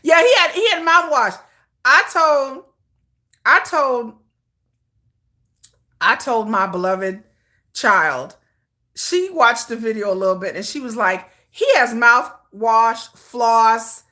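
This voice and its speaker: A fairly high, animated voice with a bright, forceful tone comes slowly, with frequent pauses. At home in front of a computer and ring light, this Detroit woman hosts a casual K-pop livestream, full of sass, chatter, and laughter.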